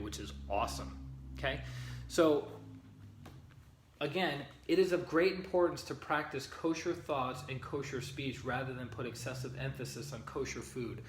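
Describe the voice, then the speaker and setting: A man's voice: medium pitch, normal speed, a little hiss or hum. Earnest male spiritual teacher, roomy echo. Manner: earnest, often checking in with "okay?" and "right?". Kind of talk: live-streamed spiritual teaching.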